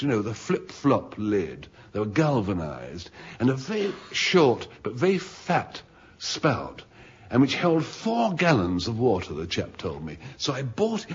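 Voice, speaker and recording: An older English man with a husky voice telling a comic anecdote on a panel show, rambling and amused at himself, with many restarts. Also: medium pitch. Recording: dull lo-fi radio recording.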